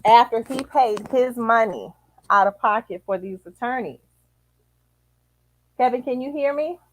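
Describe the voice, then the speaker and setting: A woman's voice: fairly high pitch, measured pace, rough recording. A woman hosting a casual talk show, outspoken and opinionated, with a joking edge. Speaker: show host.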